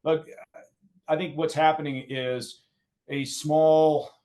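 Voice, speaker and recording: A man's voice: on the high side, level tone, takes it slowly, mellow. A man as a podcast guest, speaking with dry sardonic humor and many fillers. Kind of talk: conversational interview.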